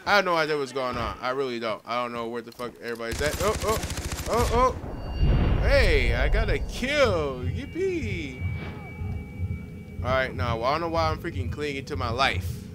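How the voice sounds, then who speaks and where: A man giving live, excitable commentary over his own shooter gameplay, cursing and laughing as he plays. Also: medium pitch. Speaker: gaming commentator. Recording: gunfire from the game behind his voice.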